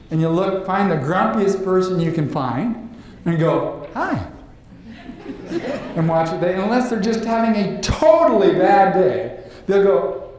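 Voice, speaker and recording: A man giving a lively live seminar to an audience, asking the room questions and acting out quotes. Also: high-pitched. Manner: animated, acts out quotes, asks the room questions. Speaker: leadership trainer. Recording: very echoey room, faint noise.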